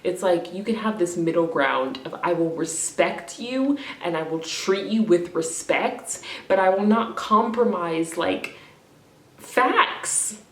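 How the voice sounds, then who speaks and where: A woman's voice: on the low side, expressive, slow, reverberant, distant mic, slight background noise. A woman ranting in an emotional vlog, crying, frustrated and rambling, swearing often. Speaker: vlogger.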